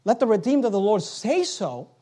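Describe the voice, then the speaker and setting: A man preaching a sermon, reading scripture aloud and swinging from quiet asides to loud, slowed-down emphasis. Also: sits high, big pitch swings. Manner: reads King James scripture aloud, slowing for emphasis.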